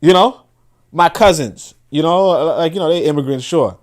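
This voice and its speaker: A man hosting a podcast, giving animated, profane, casual political commentary and often repeating words as he restarts sentences. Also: on the high side, moderate pace. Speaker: podcast host.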